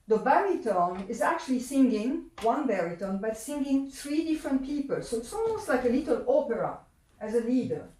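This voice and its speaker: A woman's voice: mid-range voice, a little mellow. A woman pianist casually explaining a piece to guests at a home gathering, chatty and a little hesitant. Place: home, indoors. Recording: roomy, from a distance.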